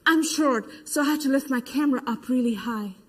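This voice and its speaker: A woman's voice: high-pitched, brisk, slight background noise, lightly acted. An actress playing an adult female protester in a verbatim theater monologue, giving eyewitness testimony and acting out the voices she quotes. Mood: recounting. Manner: vivid retelling that acts out quoted voices. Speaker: stage actor.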